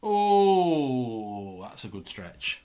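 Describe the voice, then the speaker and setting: A man hosting a live football watchalong, chatting casually and answering viewer questions in a lively way and swearing freely. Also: mid-range voice, normal speed. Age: older than 23. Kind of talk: casual chat.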